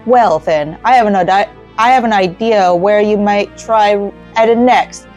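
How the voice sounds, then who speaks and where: A woman's voice: mid-range voice, unhurried, a little mellow, muffled recording, faint music behind, close to an everyday voice. A woman voicing a hearty middle-aged male tavern keeper, reading game dialogue aloud in an uncertain put-on accent.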